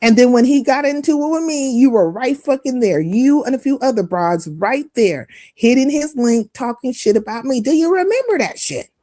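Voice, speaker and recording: A woman's voice: sits high, animated, moderate pace, hardly any pauses, mellow, no echo, studio quality. Profane, confrontational woman live-streamer. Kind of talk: heated live-stream rant.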